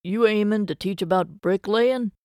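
A woman's voice: medium pitch, normal speed, darkish tone, dry recording, studio quality, close to an everyday voice. A woman voicing a blunt, plain-spoken working man unloading trains. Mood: gruff. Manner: folksy, blunt speech.

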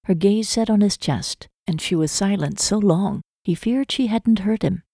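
A woman narrating a romance novel in a measured, even storytelling manner. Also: medium pitch, gravelly, no room sound, clean studio sound. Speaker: audiobook narrator. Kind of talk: scripted narration.

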